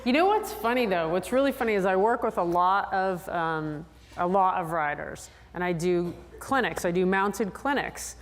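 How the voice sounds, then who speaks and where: A woman psychologist giving a lively, chatty talk to a convention audience, drawing answers from the crowd. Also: normal speed. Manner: animated, chatty, acts out riders in high voices. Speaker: sports psychologist presenter. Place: large convention hall. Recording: long hall reverb.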